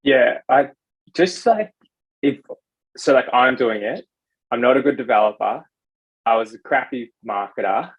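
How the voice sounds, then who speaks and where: A man's voice: mid-range voice, lively intonation, unhurried, pauses often, slightly rough. A young man and podcast guest, talking casually with lots of "like" fillers. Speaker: podcast guest, software developer. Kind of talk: casual chat. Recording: slightly dull lo-fi sound.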